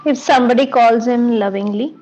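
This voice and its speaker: A woman adding quick, playful asides to a devotional story discussion. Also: on the high side, dark tone, dull audio. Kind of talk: casual chat.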